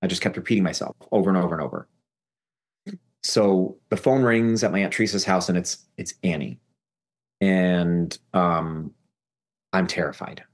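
A man, a podcast guest, telling a personal story with halting restarts and repeated phrases. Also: low-pitched.

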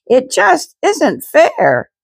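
A woman's voice: fairly low pitch, lively intonation, measured pace, gravelly, a little mellow, no room sound, exaggerated voice. A woman voicing a troubled young girl who sounds earnest and hesitant in a read-aloud storybook. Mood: upset. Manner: hesitant, pleading. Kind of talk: storybook reading.

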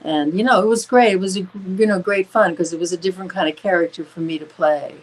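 A woman's voice: lowish voice, fast talker, low-quality recording. An older woman, an actress, chatting as a guest in a casual interview, friendly and agreeable. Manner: friendly, agreeable, many backchannels.

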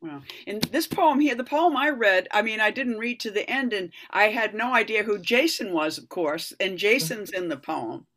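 Eager woman interviewer, bright voice. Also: mid-range voice, lively intonation, slight background noise. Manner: eager, quick exclamations. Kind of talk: conversational interview.

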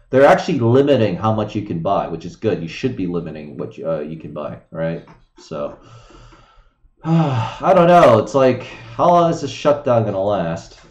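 A man's voice: mid-range voice, darkish tone. A man ranting and rambling in profane casual commentary, reading off headlines on his own show. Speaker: solo streamer. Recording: roomy, dull lo-fi sound.

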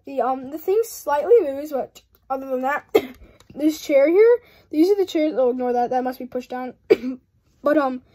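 A young woman hosts a hobby channel and casually talks through a model build, giggling often and rambling with many apologies. Her voice is high with a dark tone, at a normal speed.

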